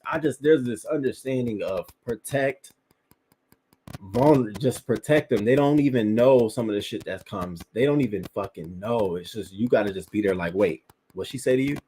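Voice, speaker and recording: Male host, low voice, heated and profane, reacting to news and viewer comments. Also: normal speed, dark tone, a little hiss or hum. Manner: emphatic, profane, heated outrage.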